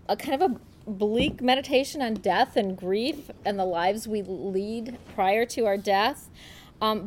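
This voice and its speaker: A woman's voice: a little high, darkish tone, slight background noise. Chatty woman talking about a book. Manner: chatty, hesitant, many fillers and restarts. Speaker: book club presenter. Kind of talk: casual book talk with read-aloud passage.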